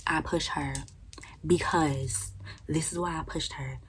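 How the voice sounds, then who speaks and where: A young adult woman vlogger telling a storytime with animated, profane delivery that often drops into emphatic whispers. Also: low voice, slow, slight background noise, low-quality recording. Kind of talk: storytime vlog.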